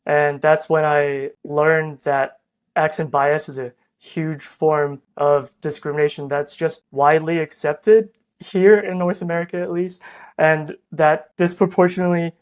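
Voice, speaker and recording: A man's voice: on the high side, level tone, unhurried. A young man from Hong Kong with an international accent, talking earnestly and reflectively as a veterinarian guest on a podcast. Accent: international, hard to place. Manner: earnest, reflective, with light laughs.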